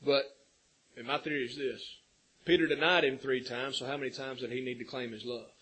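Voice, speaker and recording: A man's voice: mid-range voice, steady tone, a little fast, bright, forceful tone, breathy edge, low-quality recording. A man preaching a sermon, earnest and building to emphatic peaks.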